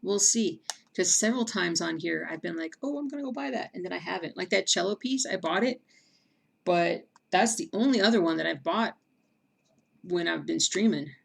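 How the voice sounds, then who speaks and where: A woman hosting a casual livestream chat, reading viewer comments aloud between bursts of excitement. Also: on the low side, moderate pace, gravelly, husky. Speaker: stream host.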